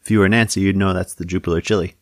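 A man voicing a weary middle-aged male sheriff, gruff, sardonic and clipped. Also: low-pitched, fairly even intonation, very fast, no echo, clean studio sound, natural voice. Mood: grumpy.

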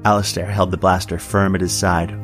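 A man narrating a story in an even, measured audiobook style. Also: sits low, soft background music.

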